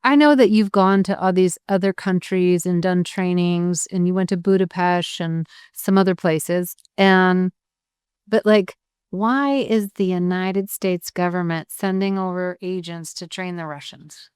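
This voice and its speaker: A woman's voice: fairly low pitch, unhurried, darkish tone, smooth, dry recording, clean studio sound. A woman hosting a podcast, chatting casually and cutting in with blunt, joking questions. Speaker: podcast host. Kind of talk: casual interview chat.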